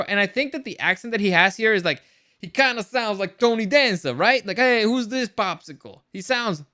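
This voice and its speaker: Male reviewer, casual and speculative, restarts often; pitched a bit high, with a bright, sharp tone. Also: smooth. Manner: rambling, many restarts and repeated words; excited, speculative. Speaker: show reviewer.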